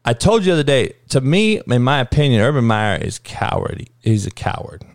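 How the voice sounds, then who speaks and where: A man's voice: mid-range voice, big pitch swings, a little fast, no echo, studio quality. A man hosting his own talk show, ranting heatedly and swearing constantly in street slang. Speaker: sports talk show host. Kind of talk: unscripted profane rant.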